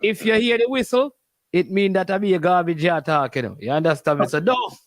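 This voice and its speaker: A man's voice: high voice, fairly quick, dry recording. A man with a Jamaican accent hosting a sports talk show, chatty and repeating himself with "you understand me".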